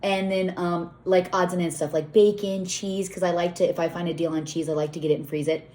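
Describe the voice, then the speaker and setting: A woman's voice: fairly low pitch, fairly even intonation, fairly quick, dark tone. A middle-aged woman who owns a farm, chatting casually and rambling as she gives a tour outdoors in the cold, often talking to her animals. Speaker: farm owner and vlogger.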